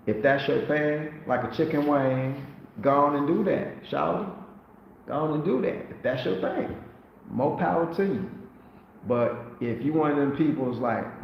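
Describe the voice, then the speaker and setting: A man's voice: on the high side, moderate pace, a little hiss or hum. Playful man on an echoey livestream. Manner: animated, playful, preachy motivational talk with put-on voices. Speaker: livestream host. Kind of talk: casual livestream monologue. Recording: very echoey, dull lo-fi sound with faint ambience.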